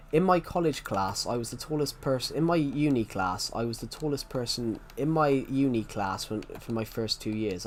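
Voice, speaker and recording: With a medium-pitched, slightly mellow voice and a bit of background noise, a young UK man with a strong regional British accent and strong R sounds chats on a game stream. He answers chat questions as they come, rambling casually and correcting himself.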